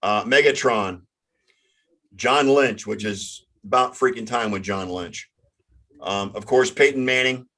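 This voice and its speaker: A man hosting a casual sports talk show, halting and often stumbling over his words. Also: lowish voice, sharp tone. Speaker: sports podcast host.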